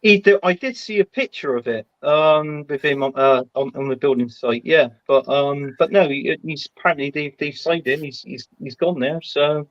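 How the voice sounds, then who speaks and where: A man's voice: a little high, normal speed, hardly any pauses, no echo. A man on a football chat panel, bantering and making mock-serious announcements in a jokey tone. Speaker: podcast panelist. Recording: dull lo-fi audio.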